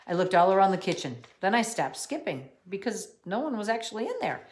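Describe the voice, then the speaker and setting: A woman teacher reading a children's book aloud, cheerful and expressive. Her pitch sits in the middle but moves a lot. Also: a little fast.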